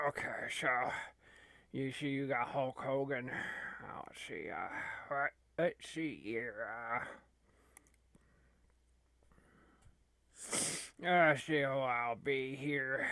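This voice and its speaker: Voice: mid-range voice, slow, bright, forceful tone, no room sound. A performer playing a folksy male gamer with a shaky put-on Minnesotan accent who rambles, with lots of fillers, in a comedy gaming sketch. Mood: musing.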